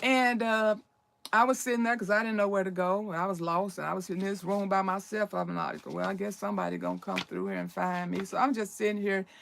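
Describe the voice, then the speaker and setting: A woman's voice: fairly even intonation, a little fast, vocal fry, a bit bright, slight background noise. A middle-aged woman chatting casually in a how-to vlog about herbal remedies, peppering her talk with "you know" and "okay?" and acting out the voices in her stories. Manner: acts out quoted voices with big pitch swings.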